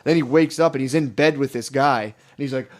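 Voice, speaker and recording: A man's voice: medium pitch, quick pace, darkish tone. A young man co-hosting a crude comedy podcast, rambling through stories and quoting people in goofy voices. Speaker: podcast co-host.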